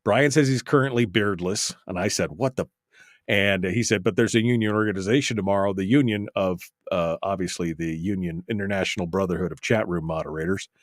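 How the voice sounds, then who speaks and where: A man's voice: sits low, a little fast, dry recording, studio quality. A man hosting a talk show, chatting casually, laughing often and reading out chat messages with exasperated asides.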